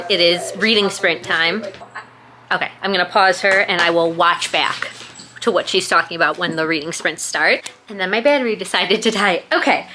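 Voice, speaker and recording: A young woman in a casual home vlog, gushing excitedly about a book she loves, full of "like" and "oh my God.". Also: on the low side. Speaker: book vlogger. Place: at home, bathroom after shower.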